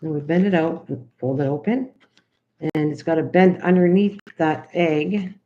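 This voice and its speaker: A woman's voice: sits low, normal speed, dark tone. An older woman from the United States chatting rambly with viewers while she makes cards on a livestream. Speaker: craft livestreamer. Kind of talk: casual livestream chat while crafting. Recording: slightly dull lo-fi stream audio.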